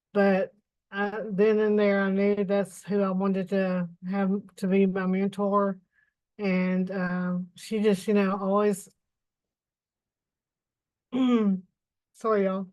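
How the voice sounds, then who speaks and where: A woman's voice: medium pitch, darkish tone, rough recording. A woman giving a folksy, emotional personal testimony on a video call. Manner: folksy, emotional, plain-spoken. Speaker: caller.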